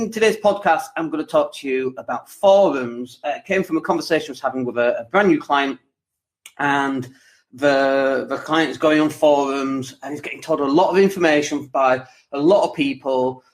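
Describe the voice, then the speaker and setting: A man from England hosting his own podcast, talking casually and animatedly in a livestream monologue full of jokes and rants. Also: mid-range voice. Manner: animated, lively, jokey and ranting. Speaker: podcast host and property coach.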